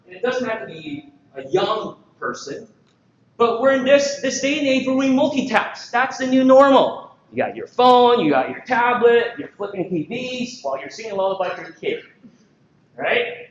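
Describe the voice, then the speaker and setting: High-voiced man joking through a conference talk. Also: normal speed. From Philippines. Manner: lively, joking, full of rhetorical questions. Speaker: conference speaker. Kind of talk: energetic conference presentation. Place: large conference hall. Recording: echoey, dull hall recording.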